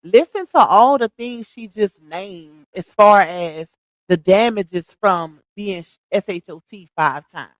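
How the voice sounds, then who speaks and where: A woman's voice: medium pitch, takes it slowly, no room sound, rough recording. A woman hosting a reaction channel, chatting casually and speaking straight to her viewers. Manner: chatty, addresses viewers directly.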